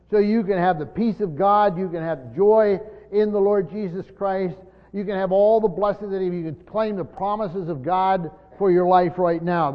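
An older man preaching a sermon in a teacherly way, repeating his points with many pauses and "uh" fillers. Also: high-pitched. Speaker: pastor. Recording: dull lo-fi sound with long hall reverb.

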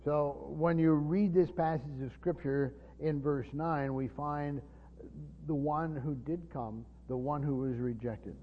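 A man teaches from Scripture in a halting, unscripted way, repeating words and leaning on fillers. His voice sits a little high for a man. The recording is dull and lo-fi, with a long reverb from a church hall. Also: steady tone, a little hiss or hum. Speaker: preacher.

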